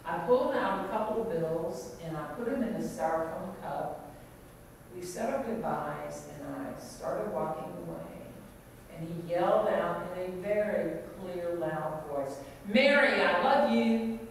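A woman's voice: lowish voice, unhurried, a little mellow. An older woman, a priest, telling a personal story in an earnest, conversational way. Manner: earnest, conversational, acts out quoted voices. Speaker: priest giving a talk. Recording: echoey hall reverb from far off, faint noise.

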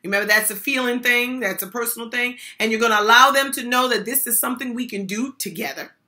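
An older woman speaking as a workshop presenter, her voice bright and forceful and sitting a little high. She talks emphatically and folksily, circling back to the same key phrases to drive her points home. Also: fast. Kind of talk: motivational talk on mental health support.

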